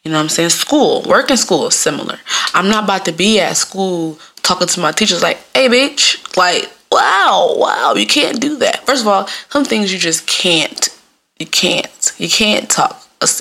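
Profane gravelly-voiced woman podcaster. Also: normal speed, sharp tone. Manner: profane, loose storytelling; acts out voices with big pitch jumps. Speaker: podcast host. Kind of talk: casual solo podcast monologue.

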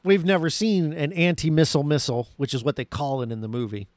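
A man co-hosting a casual movie review podcast, animated and sarcastic, laughing often. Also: on the high side, quick pace, no room sound, studio quality. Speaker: podcast co-host.

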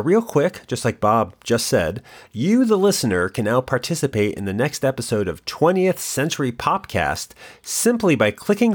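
A male podcast co-host reading a scripted closing announcement. His pitch moves freely and his delivery stays upbeat and announcer-like.

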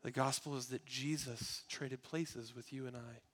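A man preaching a sermon in an earnest way, moving between loud emphasis and hushed, quiet passages. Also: mid-range voice, fairly even intonation, unhurried. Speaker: pastor.

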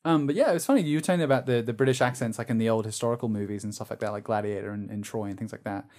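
A man's voice: fairly low pitch, racing, a little mellow. A man co-hosting a podcast in casual chat, rambling with many fillers and restarts and slipping into silly voices. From Australia. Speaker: podcast co-host.

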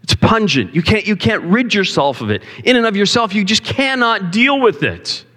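A man's voice: high-pitched, very animated, moderate pace, pushed and bright. A male pastor preaching a sermon in a church, talking conversationally and asking the congregation questions. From Canada. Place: church sanctuary. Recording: long hall reverb.

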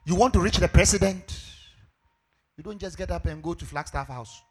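A male pastor with a Ghanaian accent preaching a sermon, animated, breaking into sung phrases and shouts. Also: high voice, normal speed, husky.

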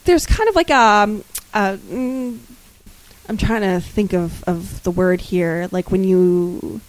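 A woman's voice: medium pitch, slow pace, low-quality recording. A woman co-hosting a podcast in casual chat, rambling and often searching for her words. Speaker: podcast co-host.

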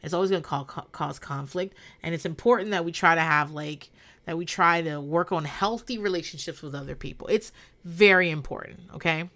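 A woman's voice: fairly low pitch, fairly quick, a bit bright. A woman hosting a casual podcast recap, talking bluntly with lots of swearing and laughter. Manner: blunt and profane, with frequent laughter. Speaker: podcast host. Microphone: podcast microphone.

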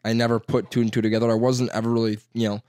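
Chicago dude just shooting the breeze, cussing a lot, mid pitch, dead dry room. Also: male voice, flat delivery, rapid-fire, dark tone, clean tone, no room sound. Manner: rambling, profane, laughing storyteller. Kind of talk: casual chat.

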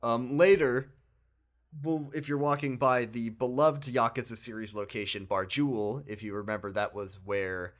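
Animated man recapping a game. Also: medium pitch, moderate pace. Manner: animated, laughs often, acts out quotes. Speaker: podcast co-host. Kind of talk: casual chat recapping a video game.

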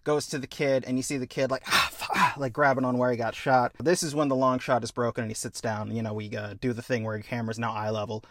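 Animated man pitching a story. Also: no echo, clean studio sound. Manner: animated, acts out scenes in quick voices. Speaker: podcast host. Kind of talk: casual pitch of a story idea.

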